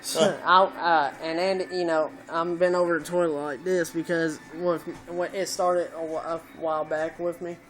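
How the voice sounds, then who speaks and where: A man vlogger telling a rambling, profane story in casual chat, filling it with "you know" and getting loud at times. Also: fairly high pitch, level tone, moderate pace, few pauses, low-quality recording.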